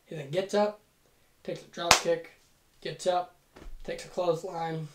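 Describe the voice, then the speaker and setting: Casual booking-narration host: rambling, profane, self-mocking, mid-pitched voice, echoey room. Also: fairly even intonation, measured pace, very noisy. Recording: roomy echo.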